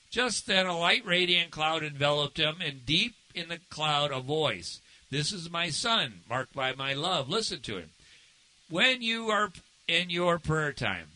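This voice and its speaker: A man's voice: a little high, sharp tone, low-quality recording. A man preaching a sermon as pastor, conversational and asking the congregation questions.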